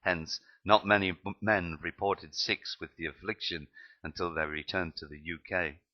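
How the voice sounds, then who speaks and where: Deep-voiced man reading his memoir aloud, plain delivery, lo-fi sound. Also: fairly even intonation, normal speed. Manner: plain reading with slips and restarts. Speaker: narrator.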